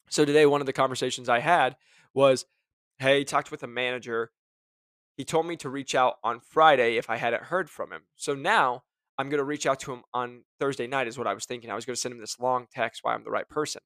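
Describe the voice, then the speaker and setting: A man hosting a casual motivational talk to his listeners, energetic and jokey, often acting out what other people say. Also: mid-range voice, no echo, studio quality. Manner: energetic, jokey, acts out quoted voices. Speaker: host.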